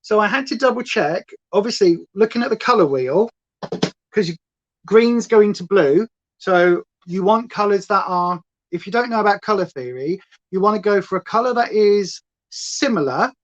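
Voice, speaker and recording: A woman chats through a makeup livestream, wandering off on tangents and answering her chat. Her voice sits in a middle pitch. The sound is a touch dull and lo-fi. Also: expressive, moderate pace. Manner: rambling, reads chat aloud, playful. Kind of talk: chatty livestream makeup tutorial. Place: at home.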